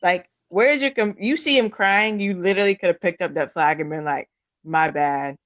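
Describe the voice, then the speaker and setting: A woman's voice: medium pitch, fairly quick, a bit bright, no echo, dull audio. A woman co-hosting a casual sports talk show, blunt, heated and profane. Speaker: podcast co-host.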